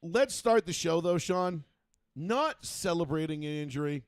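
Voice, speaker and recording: A man hosts a sports talk show with a slightly raised pitch, tumbling through rambling, profane banter. His voice is close and dry, with no room sound around it. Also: lively intonation, a little slow, no room sound. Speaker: host.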